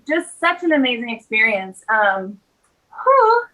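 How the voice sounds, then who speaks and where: Bright, high-voiced woman host. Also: normal speed, rough recording. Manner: emotional, enthusiastic. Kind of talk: casual chat.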